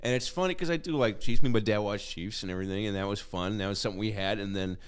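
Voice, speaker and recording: A man's voice: lowish voice, racing, clean tone. A man co-hosting a casual podcast chat, rambling, swearing and laughing often. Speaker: podcast co-host.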